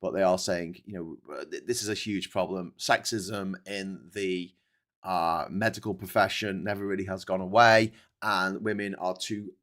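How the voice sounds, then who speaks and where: Chatty Scouse man with a lowish voice. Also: fairly even intonation, moderate pace, a bit bright. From Liverpool, England. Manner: chatty, opinionated, many fillers and restarts. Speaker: host. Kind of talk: casual live-stream news commentary.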